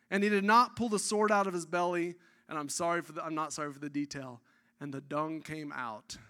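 A man preaching a sermon, telling a scripture story in an animated, excitable way with casual asides. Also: high voice, smooth.

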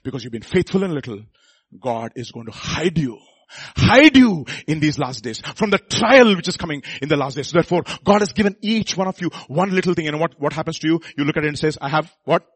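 A man preaching a sermon, swinging between quiet asides and loud exhortation and calling the congregation to repeat after him. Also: a little high, animated, a little fast, slightly rough, no echo. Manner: calls the congregation to repeat lines.

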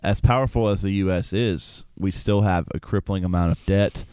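A man's voice: deep voice, moderate pace, darkish tone, smooth, no room sound. A young man co-hosting a radio talk show, chatting in an easygoing way in a studio. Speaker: radio co-host.

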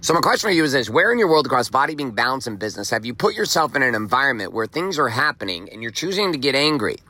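A man delivers a motivational podcast monologue with a bright, tense edge to his voice. He talks emphatically, swears casually and hammers his points home by repeating phrases. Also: medium pitch, sing-song, fast, dry recording. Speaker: podcast host. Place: outdoors walking in the rain.

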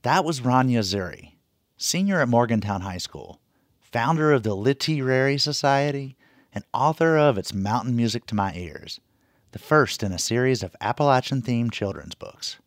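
A man hosting a radio show, reading scripted narration in a relaxed, informative way. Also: fairly low pitch, dry recording, studio quality.

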